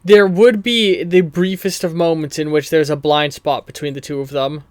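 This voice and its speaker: Bright-voiced man running a tabletop game. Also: fairly high pitch, steady tone, normal speed, no room sound, studio quality. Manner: loose, chatty, laughs at his own jokes. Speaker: game master.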